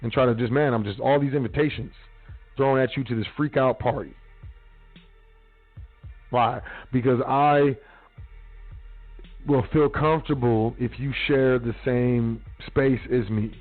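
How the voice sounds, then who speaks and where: Steady in tone and measured in pace, this medium-pitched man leaves long pauses as he hosts his radio program solo. He bluntly lectures the audience using street slang and profanity, over a phone-quality line with faint music.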